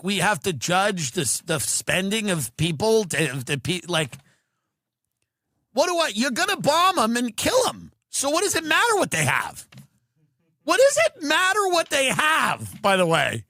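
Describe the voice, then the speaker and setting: Ranting, incredulous man with lively pitch. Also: gravelly, no room sound, studio quality. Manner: incredulous, ranting, mocks others in put-on voices. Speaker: podcast host. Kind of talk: comedic rant.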